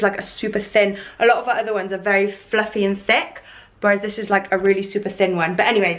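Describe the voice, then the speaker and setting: A young adult woman chatting casually to camera in a vlog, gushing and full of fillers. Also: medium pitch. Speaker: vlogger. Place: home, then in a car.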